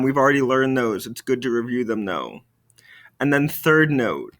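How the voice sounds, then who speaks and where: A man teaching a recorded French lesson, explaining in friendly classroom English and slowly modelling French phrases for students to repeat. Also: medium pitch, lively intonation, fairly bright tone. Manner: slow call-and-repeat drills with careful French phrases.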